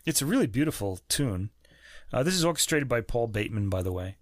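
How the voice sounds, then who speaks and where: Talking fast in a sing-song, mid-range voice, this man co-hosts a music podcast and trades jokey, opinionated takes full of fillers. The podcast-microphone recording is clean studio sound with no room ambience.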